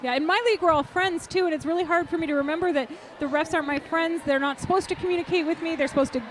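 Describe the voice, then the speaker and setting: Female derby commentator, playful and chatty, high voice, faint outdoor noise. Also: fairly even intonation, very fast, low-quality recording. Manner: chatty and jokey, laughing at her own puns. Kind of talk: live sports commentary.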